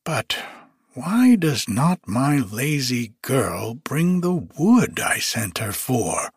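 A man putting on a cruel hushed old witch. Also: medium pitch, husky, no echo, clean studio sound, heavily acted. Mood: grumbling.

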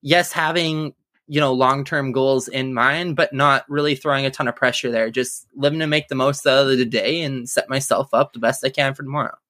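A man's voice: mid-range voice, steady tone, a little fast, pushed and bright, no room sound, clean studio sound. A young man from Canada co-hosting a casual podcast, rambling and joking about his plans. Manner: rambling, jokey, puts on a mock proper voice. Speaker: podcast co-host.

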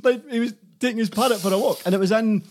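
A man's voice: high voice, quick pace. A Scottish man, a podcast guest, telling amused stories in casual chat. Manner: animated, amused storyteller.

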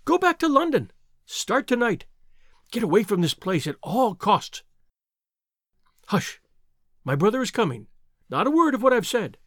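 Guy voicing a young woman w a little lisp, low eager urgent warning, dry sound. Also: wildly swooping pitch, normal speed, pauses often, fairly bright tone, no room sound, heavily acted. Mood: hushed. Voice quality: slight lisp.

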